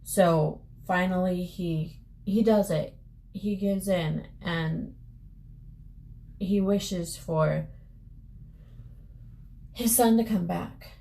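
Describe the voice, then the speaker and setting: A woman's voice: lowish voice, drawn-out words, creaky, pauses often, dark tone. A young woman vlogger casually retelling a story at home while getting ready, with loose restarts and "she's like" phrasing, recorded on a camera mic.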